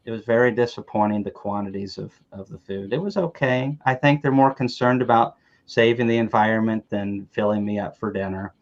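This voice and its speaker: A man's voice: fairly low pitch, a little fast, few pauses, lo-fi sound. A man from the American South telling rambling, joking stories in a casual chat, often restarting his words.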